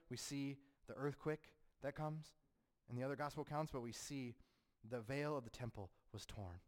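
A man preaching a sermon, who swings between fervent, rising passages and hushed, solemn ones. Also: medium pitch. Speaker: pastor.

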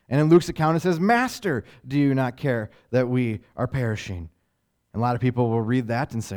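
A man's voice: medium pitch, a little fast, a little mellow, smooth. A man preaching a sermon as a pastor, earnest and conversational, building intensity with rhetorical questions and casual asides.

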